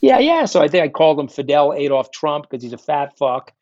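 A man's voice: fairly high pitch, very animated, a little fast, highs cut off, background noise. A middle-aged man, a guest in a candid interview, telling his story in a blunt, profane, combative way. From New York. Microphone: remote call.

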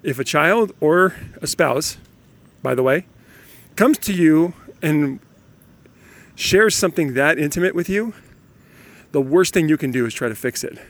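His voice leans high and his delivery is a little slow. A man in his thirties or forties, he's a father swapping parenting tales in an easygoing, animated monologue full of laughs.

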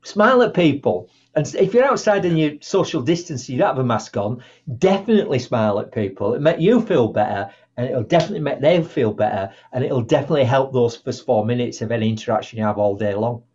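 A man's voice: medium pitch, quick pace, hardly any pauses, slightly rough. A man, a guest speaker and author, telling stories in a podcast interview and acting out quotes. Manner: animated storyteller, acts out quotes. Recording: muffled lo-fi audio.

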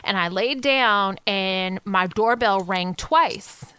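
A woman's voice: mid-range voice, slow pace, pushed and bright, smooth, dry recording. A woman co-hosting a podcast in casual chat, with giggly, teasing banter. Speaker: podcast co-host. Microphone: studio mic.

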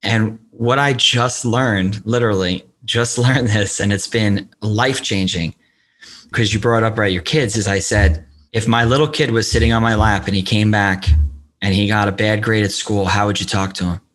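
Low-voiced guy on a podcast, earnest, telling his own story pretty openly. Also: steady tone, normal speed, a bit bright. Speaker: podcast guest, men's coach. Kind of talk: casual conversation.

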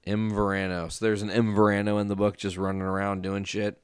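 A man's voice: fairly low pitch, completely flat delivery, brisk, clear, resonant tone, no echo, clean studio sound. Joking, profane male podcast host. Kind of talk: casual podcast chat.

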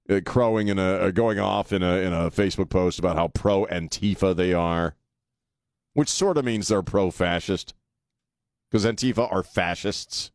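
Talk radio host, male, low-pitched, blunt and sarcastic, close dry studio sound. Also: no room sound. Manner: blunt, sarcastic, laughs often. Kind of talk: opinionated talk radio monologue. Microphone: studio microphone.

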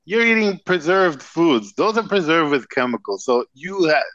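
Blunt man, fairly high voice. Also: lively intonation, normal speed, fairly bright tone, dry recording, highs cut off. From Dominican Republic. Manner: blunt, profane, storytelling with emphatic asides. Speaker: cigar company CEO and physician guest. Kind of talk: casual podcast interview.

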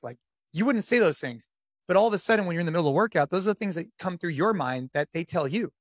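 A middle-aged man talking casually as a podcast guest, energetic and coach-like, with a lot of "dude" and "man". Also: sits high, fast, no echo, studio quality. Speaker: podcast guest, gym owner. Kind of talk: casual interview conversation.

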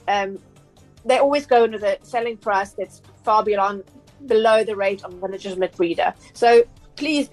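A woman's voice: mid-range voice, low-quality recording. A South African woman, a consumer journalist on a radio talk show, explaining things in a chatty way with frequent fillers and restarts.

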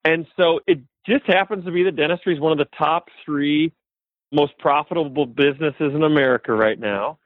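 A man talking as a podcast guest, explaining things in a measured, step-by-step way. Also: on the high side, no room sound. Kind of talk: casual interview chat. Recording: phone-like call audio.

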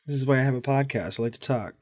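A man's voice: mid-range voice, husky, no room sound, studio quality. Giggly, profane young man on a podcast. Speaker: podcast co-host. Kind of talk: casual podcast chat, bloopers.

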